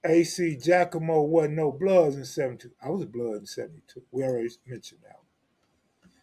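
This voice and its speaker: A man's voice: fairly high pitch, normal speed, mellow, slightly rough. A man hosting a live stream, reading viewer comments in blunt, profane, joking street talk. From Los Angeles, California. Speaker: host.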